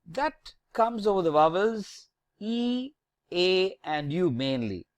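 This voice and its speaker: This French teacher talks very slowly and carefully, drawing out each letter as they spell it. The voice rises and falls in a lively way, and the recording sounds dry and close. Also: mid-range voice, no echo. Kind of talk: slow, deliberate language lesson.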